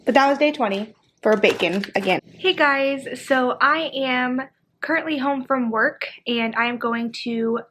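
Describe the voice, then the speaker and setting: A woman's voice: high-pitched, unhurried, a bit bright. A young woman vlogger talking casually to camera, chatty and self-deprecating. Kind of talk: casual vlog talk.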